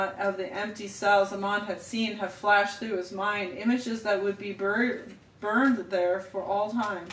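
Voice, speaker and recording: A woman reading a story aloud to her children at home, steady with small slips and restarts. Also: mid-range voice. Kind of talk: family storybook read-aloud. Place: home room. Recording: roomy home room, distant mic, faint hiss.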